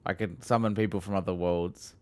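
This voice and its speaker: A young man giving profane, excitable let's play commentary, laughing and mocking as he plays. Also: deep voice, brisk. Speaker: gaming video host.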